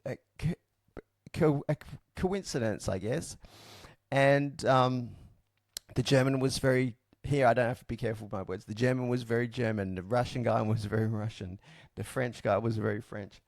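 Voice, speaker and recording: A man's voice: mid-range voice, moderate pace, gravelly, dry recording, clean studio sound. A man in young adulthood, frankly and reflectively telling his story in casual talk, with many fillers and restarts. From Australia.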